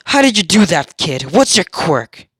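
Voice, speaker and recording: A man's voice: high voice, sing-song, a little slow, fairly bright tone, breathy edge, no room sound, clean studio sound, voice pushed up, heavily acted. A young man voicing a cocky, taunting sludge monster villain in a fan story retelling.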